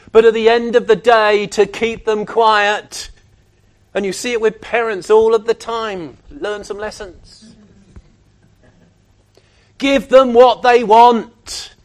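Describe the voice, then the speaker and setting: Preacher with a very high voice for a man. He delivers a sermon with emphatic, animated energy, slipping into other people's voices to make a point.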